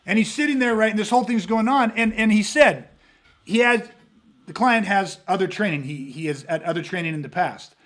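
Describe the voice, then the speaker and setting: A man with a noticeably high voice talks through a casual podcast monologue as a self-defense instructor. He swears freely and tells his stories with animation, acting out the people in them. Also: a little fast. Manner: profane, animated storyteller acting out quoted voices.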